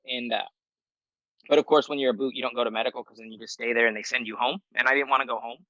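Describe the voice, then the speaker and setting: A middle-aged Marine veteran telling a story as a podcast guest in a loose, profane, rambling way with many fillers. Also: male voice, medium pitch, steady tone, fast, pushed and bright, dry recording, rough recording. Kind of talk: casual storytelling.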